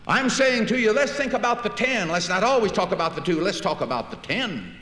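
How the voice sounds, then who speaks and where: A man's voice: sits high, expressive, brisk, a bit bright. A man giving a public speech in a folksy storytelling manner, acting out conversations as he tells them. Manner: folksy storytelling, acts out dialogue. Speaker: public speaker. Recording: echoey hall recording with faint hiss.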